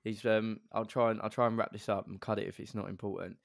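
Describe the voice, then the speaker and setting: A man's voice: lowish voice, fast talker, vocal fry, no room sound, studio quality. A young man, a podcast co-host telling a rambling anecdote in casual chat. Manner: rambling, animated anecdote with quoted voices.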